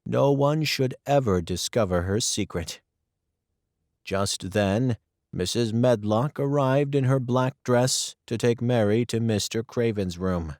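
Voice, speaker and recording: A man narrating a graded-reader audiobook in a clear, careful storytelling manner. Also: mid-range voice, darkish tone, no room sound, studio quality.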